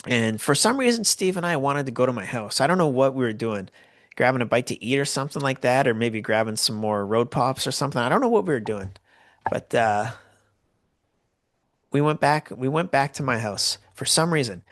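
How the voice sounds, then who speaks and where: A Canadian man telling a story in a loose, rambling way, full of "like" and false starts. His voice sits at an ordinary middle pitch and sounds dry and close, with no room around it. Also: lively intonation, a little fast, dry recording. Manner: rambling, lots of "like" and restarts. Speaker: podcast host. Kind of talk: casual storytelling.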